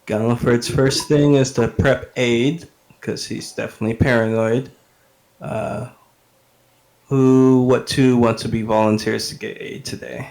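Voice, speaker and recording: A man's voice: medium pitch, fairly even intonation, a little slow, darkish tone. A man playing a tabletop game over voice chat, speaking in a matter-of-fact way. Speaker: player. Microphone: online voice chat.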